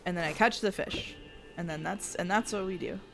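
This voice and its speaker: A woman's voice: lowish voice, moderate pace, gravelly. A woman streaming a life-sim game, chatting casually, reading chat messages aloud and often trailing off and restarting her sentences. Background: faint game music.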